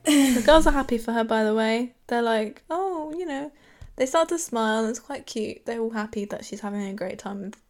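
A young woman co-hosting a casual show recap, chatty and quick to laugh as she acts out the characters' lines. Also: on the high side, a little mellow. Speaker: podcast co-host.

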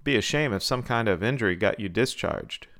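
A man's voice: on the low side, animated, a little fast, a bit bright. A man voicing hostile male Marine lieutenants who sneer and threaten. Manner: sneering, menacing.

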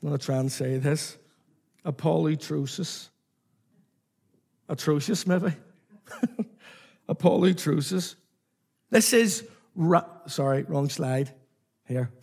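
Male preacher, husky and a bit high-pitched, emphatic sermon delivery with call-and-response. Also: darkish tone. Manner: emphatic, repetitive, calls on the congregation to respond.

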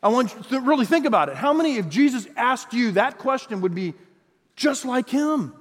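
Brief: animated high-voiced man preaching a sermon, echoing church hall. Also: moderate pace. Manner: animated, acts out quotes in voices. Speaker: pastor.

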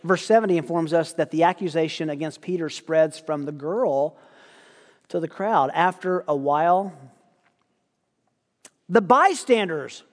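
A guest preacher giving a sermon, telling the story in a lively way and acting out quoted lines. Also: male voice, a little high, measured pace, pauses often, big-room sound.

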